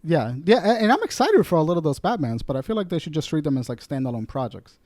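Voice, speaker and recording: A man co-hosting a casual podcast chat, eager and agreeable, reacting quickly. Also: on the high side, very animated, darkish tone, dry recording, clean studio sound. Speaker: podcast co-host.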